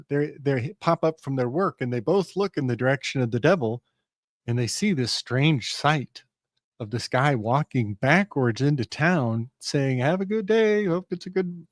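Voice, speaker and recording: A man's voice: mid-range voice, no echo, studio quality. A man co-hosting a casual talk show, reflecting on his work and telling a rambling folk tale with many restarts.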